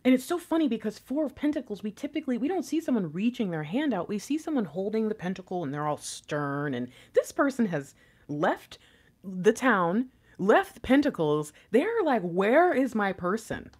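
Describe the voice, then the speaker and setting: A woman's voice: mid-range voice, big pitch swings, moderate pace, a little mellow, breathy edge. A woman giving a casual tarot reading to camera, chatty and rambling, giggling often and swearing casually. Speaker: tarot reader.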